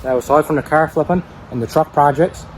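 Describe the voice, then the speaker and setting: A man's voice: a little high, a little fast, a little hiss or hum, low-quality recording. A man with a Newfoundland accent chatting casually in a vlog about flipping cars, plain-spoken with dry humour. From Newfoundland, Canada. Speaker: car-flipping YouTuber.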